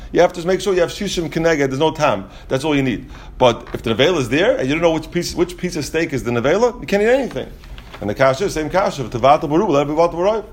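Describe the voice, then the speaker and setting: A man explaining Talmud in a casual class, rapid and full of restarts and asides. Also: fairly high pitch. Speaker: Talmud teacher.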